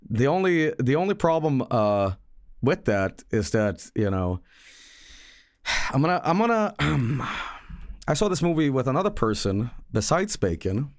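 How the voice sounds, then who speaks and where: A man's voice: medium pitch, dry recording, clean studio sound. A man streaming live, chatting casually about a movie he saw, with rambling, profane, joking storytelling.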